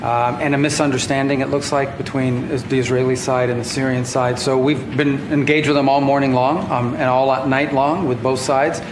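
An official gives a press statement in a flat, even tone, choosing his words carefully. The clip is roomy and echoey, with clear background noise. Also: medium pitch, moderate pace, few pauses. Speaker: government official.

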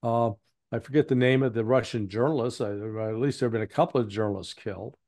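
A man's voice: medium pitch, steady tone, fast talker, a little mellow, dry recording, studio quality. A man being interviewed as an analyst, speaking bluntly with a rambling, self-correcting flow. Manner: rambling, frequent restarts and fillers, blunt. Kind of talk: casual spoken commentary.

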